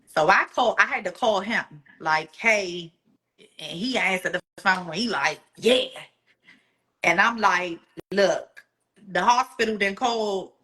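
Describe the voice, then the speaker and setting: A woman with a bright, forceful voice recounts a painful personal story. She tells it in an animated way and jumps into the voices of the people she quotes. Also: medium pitch, takes it slowly. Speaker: guest.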